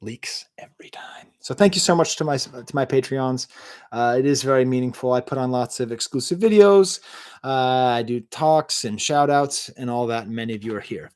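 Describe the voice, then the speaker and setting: A man of middle pitch hosts a music review livestream from his home. He ranks albums with eager, rambling enthusiasm and keeps breaking off to answer the live chat. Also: normal speed, darkish tone, clear, resonant tone. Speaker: music review show host.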